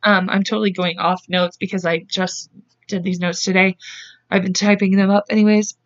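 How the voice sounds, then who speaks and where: A woman hosting a podcast, retelling a case in casual chat, acting out quotes in quick voices and speaking bluntly. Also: mid-range voice, flat delivery, dull audio. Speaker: podcast host. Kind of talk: casual true-crime storytelling.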